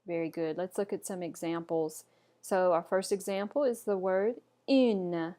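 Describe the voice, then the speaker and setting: A woman with a lowish, warm voice and an unhurried delivery teaches pronunciation in a slow, patient online lesson. She models each word carefully and repeatedly while encouraging the learner.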